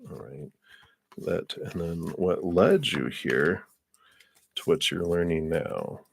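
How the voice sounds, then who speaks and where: A man giving a live-streamed tarot card reading. He rambles in an unhurried way, with many fillers and soft laughs between thoughts. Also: sits low, expressive, creaky, breathy edge.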